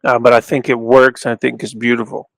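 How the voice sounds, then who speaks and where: Gravelly-voiced man teaching in a dry room. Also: medium pitch, level tone, no room sound, poor audio. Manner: thinking aloud, restarts, slows to stress terms. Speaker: Bible scholar teaching. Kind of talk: informal lecture with Hebrew recitation.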